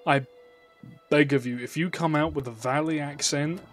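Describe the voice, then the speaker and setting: A man's voice: on the high side, fairly even intonation, moderate pace, a bit bright, soft background music. A man streaming a video game live, making sarcastic, joking remarks over the game's dialogue. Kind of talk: live gameplay commentary.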